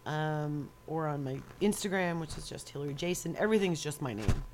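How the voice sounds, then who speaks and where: Wry, sarcastic low-voiced woman. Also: expressive, brisk, noisy background. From New York. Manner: wry, sarcastic, laughing often. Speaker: guest photographer. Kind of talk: casual chat.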